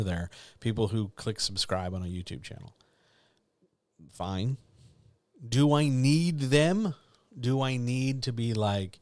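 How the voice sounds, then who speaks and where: A man's voice: on the low side, no echo. A middle-aged man, a writing coach, talking candidly and ramblingly to viewers in a casual live chat. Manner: candid, rambling, self-deprecating.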